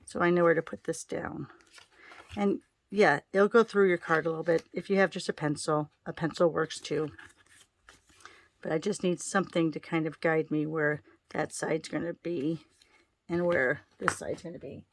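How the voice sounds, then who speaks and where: A woman's voice: deep voice, fairly even intonation, moderate pace. A woman giving a casual card-making tutorial, chatting her way through each step as she works.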